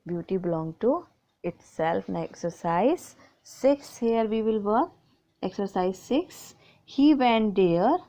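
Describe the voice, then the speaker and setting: A woman teacher speaks slowly in a medium-pitched, animated, mellow voice with an Indian English accent. She explains textbook grammar exercises with patience, reading each sentence aloud and going over the answers again.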